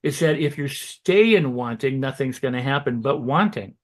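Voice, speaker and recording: A man giving motivational self-help advice as a guest, talking loosely and acting out excited self-talk in quick quoted asides. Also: mid-range voice. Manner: loose and conversational, with restarts and "you know". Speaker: guest on a holistic health show.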